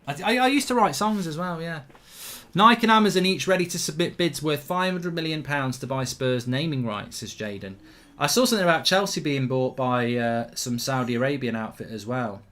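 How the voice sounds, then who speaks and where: A man hosts a live football watchalong, reacting to the game and reading viewer comments aloud. He's excitable, blunt, and swears freely, speaking a little fast in a fairly high voice.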